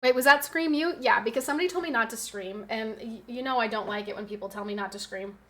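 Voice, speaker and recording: A young pregnant woman streaming, chatting with her viewers in a loud, excitable, fast-talking way. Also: on the high side. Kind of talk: casual chat with live viewers.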